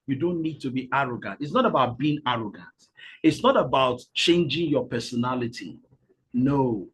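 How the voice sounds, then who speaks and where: A man hosting a live webinar, energetic and repetitive, urging the audience to type into the comments. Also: a little high, slight background noise. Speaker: webinar host and speaker.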